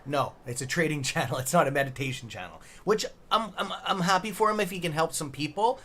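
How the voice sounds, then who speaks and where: A man's voice: on the high side, lively intonation, quick pace, sharp tone. A middle-aged man casually hosting a live stream, reading chat aloud and bantering with loose swearing. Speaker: livestream trading host.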